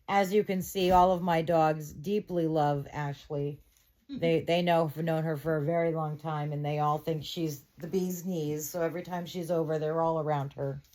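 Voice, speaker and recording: Mellow-voiced woman reading a novel aloud. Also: sits low. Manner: steady read-aloud narration, chatty asides to viewers. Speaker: storyteller reading a novel to viewers. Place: bedroom at home.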